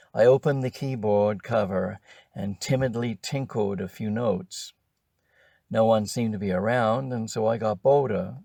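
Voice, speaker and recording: An older man reading his own memoir aloud in a measured, wry first-person storytelling manner. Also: fairly low pitch, vocal fry, a little mellow, dry recording, studio quality. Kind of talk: audiobook narration.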